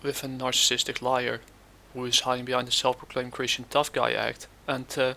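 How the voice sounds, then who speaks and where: A man with a gravelly, sharp edge to his voice talks in reaction commentary, keeping a flat delivery. He sounds scornful and halts often with fillers. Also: mid-range voice. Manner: scornful, halting with many fillers. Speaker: commentary channel host.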